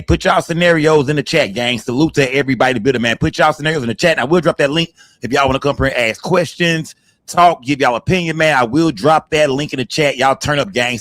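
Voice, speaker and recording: A man's voice: mid-range voice, no room sound. Man hyping up his livestream chat. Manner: hypes the chat, gives shout-outs to viewers. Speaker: livestream host. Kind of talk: livestream hosting.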